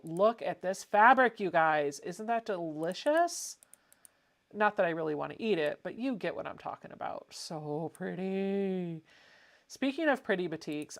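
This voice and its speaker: A woman hosting a casual home livestream, chatting and reading viewer comments aloud. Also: fairly low pitch. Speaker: livestream host.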